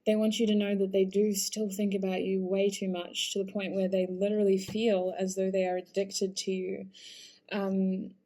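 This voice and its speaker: A woman reads tarot cards for her viewers in a soft, earnest voice. She talks at a middling pitch for a woman. She hesitates and restarts often, with small sighs between thoughts, and sounds emotionally invested in what she passes on. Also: flat delivery, normal speed. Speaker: tarot reader. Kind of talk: intuitive tarot reading.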